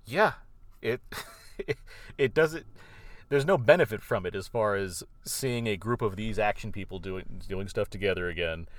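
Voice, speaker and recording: A man's voice: lowish voice, moderate pace, no echo. A man co-hosting a podcast, chatting casually about a film and thinking aloud at length with strong opinions. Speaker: podcast co-host. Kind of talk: casual film review chat.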